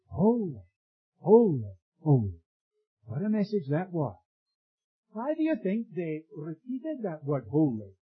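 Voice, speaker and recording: A man preaching a sermon in a measured, emphatic way, asking rhetorical questions and answering them. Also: on the high side, slightly rough. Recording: muffled lo-fi recording.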